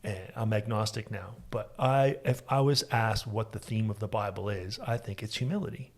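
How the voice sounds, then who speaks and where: A man's voice: on the low side, normal speed. A man who hosts a podcast, speaking in reflective casual conversation. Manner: reflective, backchannels often. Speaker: podcast host.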